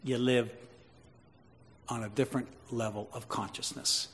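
A man preaching a sermon to his congregation, swinging between loud emphatic lines and quiet conversational asides with questions to the listeners. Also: mid-range voice, steady tone, measured pace, a little hiss or hum. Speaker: pastor. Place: church. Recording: long reverb of a large hall.

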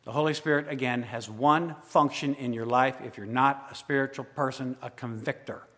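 A man preaching a sermon as pastor, swinging between loud emphatic declarations and quiet, intimate asides. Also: mid-range voice, steady tone, moderate pace. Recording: long hall reverb.

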